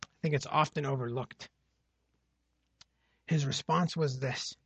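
A man's voice: mid-range voice, steady tone, a little slow, vocal fry, husky, dry recording, lo-fi sound. A man preaching an expository sermon, emphatic, often repeating phrases and asking "right?" to drive a point home.

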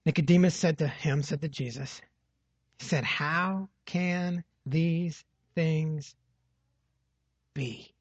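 A man with a somewhat high, husky voice preaches a verse-by-verse sermon. He leans hard on key phrases and keeps checking in with his listeners through "right?" and "okay?". The sound is dry and a little dull, with a lo-fi edge. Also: slow pace, long pauses, no echo. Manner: emphatic, repeats phrases with rhetorical "right?". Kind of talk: expository sermon.

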